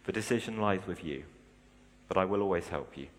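Guy reading as a solemn old wizard, low steady voice, big echoey hall. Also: brisk, natural voice. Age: older. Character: old male wizard, grave and wise. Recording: long hall reverb.

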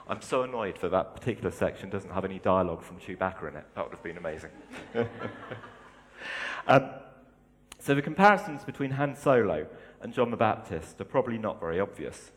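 A man's voice: lowish voice, lively intonation, brisk. A man giving a sermon, reading story passages aloud and explaining them plainly. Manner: reads aloud expressively, then explains plainly. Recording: long hall reverb.

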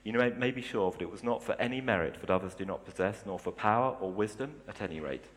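A man's voice: on the low side, quick pace, natural voice. A man reading the lines of a grave, wise old male wizard. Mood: solemn. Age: older. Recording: long hall reverb.

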